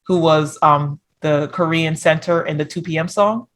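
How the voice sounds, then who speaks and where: A woman's voice: deep voice, normal speed. A woman co-hosting a casual reaction podcast, talking it through thoughtfully and often checking in with "you know what I mean". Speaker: podcast co-host.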